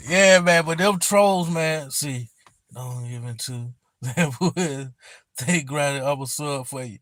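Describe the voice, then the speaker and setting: Man, high voice, dry close sound; slangy, profane livestream talker who tells stories with energy. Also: slow, dry recording. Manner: loose, profane, street slang; animated storyteller. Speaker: YouTuber on a livestream. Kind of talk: casual livestream chat.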